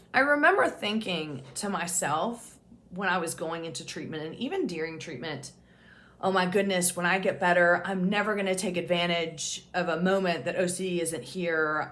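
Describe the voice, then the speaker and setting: A woman's voice: on the low side, moderate pace, bright, forceful tone. Woman, peer support host, candid personal storytelling, casual, frank, swears freely, laughs at herself. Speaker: OCD peer support specialist and channel host.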